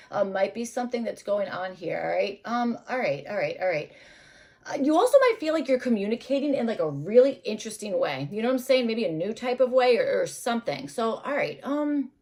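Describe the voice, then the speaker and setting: A woman's voice: fairly high pitch, darkish tone. A young adult woman doing a casual tarot reading, rambling and hesitant with many fillers. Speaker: tarot reader.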